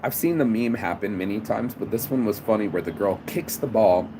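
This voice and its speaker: A fairly low-voiced man delivers a swearing, preachy motivational pep talk, calling everyone bro. He is outdoors beside a road, with loud traffic rumbling behind his voice. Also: brisk. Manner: profane, preachy, calls listener bro. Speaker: motivational vlogger. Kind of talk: casual motivational rant.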